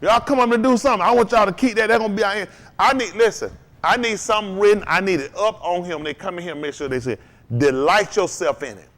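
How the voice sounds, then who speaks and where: A man preaching to a congregation, calling out to them and rising to shouts. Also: high-pitched, fast talker. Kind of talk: sermon.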